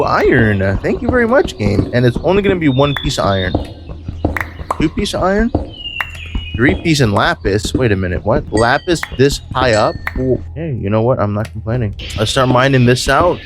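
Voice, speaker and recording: A man doing jokey, rambling let's-play commentary, full of self-mocking asides. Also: medium pitch. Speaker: gaming channel host.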